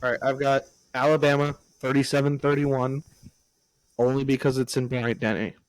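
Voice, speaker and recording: A man co-hosts a sports chat in a mid-pitched voice, recorded dry and close to the mic. He answers in a measured way, pausing and hesitating before he commits. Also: little pitch movement, no room sound, low-quality recording. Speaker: podcast co-host.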